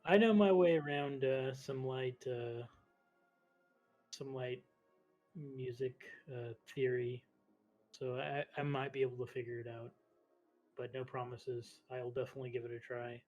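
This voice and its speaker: A man playing a tabletop horror game, talking in a hesitant way with frequent pauses. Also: medium pitch, highs cut off, soft background music. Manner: flat, hesitant, with "um". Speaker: player. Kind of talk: tabletop game role-play.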